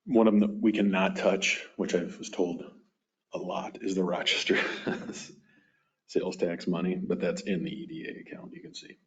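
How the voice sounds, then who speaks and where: A man's voice: low-pitched, steady tone, moderate pace. A man on a town development board, plainly walking the others through the monthly finances with a dry sarcastic streak. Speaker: EDA board member giving financial report. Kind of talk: casual meeting talk. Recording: dull lo-fi meeting recording.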